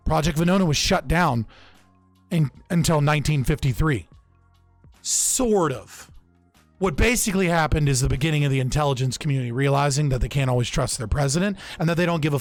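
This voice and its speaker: A man's voice: on the high side, no echo. A young man casually recounting political history on a podcast, loose and profane, often restarting his sentences. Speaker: podcast speaker.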